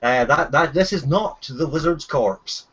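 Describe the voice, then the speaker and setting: A man narrating a tabletop game as its game master, his speech unhurried and full of halting restarts. His pitch sits a little above the usual for a man. The sound is muffled and lo-fi, like voice chat. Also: lively intonation, fairly bright tone, slightly rough. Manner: hesitant, frequent fillers and restarts.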